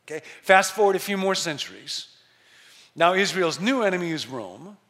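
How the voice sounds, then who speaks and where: A middle-aged male pastor preaching a sermon, telling a story with emphasis and slowing down to stress key words. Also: high voice, sing-song, fairly bright tone.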